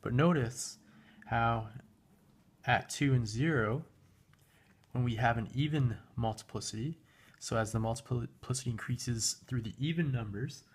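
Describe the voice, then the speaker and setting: Unhurried and slightly rough, a man with a mid-range voice runs through a recorded math lesson. He talks while working a graphing calculator, relaxed, with fillers and corrections of himself along the way.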